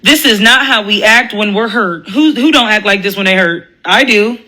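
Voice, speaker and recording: A woman's voice: medium pitch, normal speed, sharp tone, poor audio. A woman ranting in a blunt, profane commentary monologue, laughing often and mocking other people's voices. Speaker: commentary vlogger.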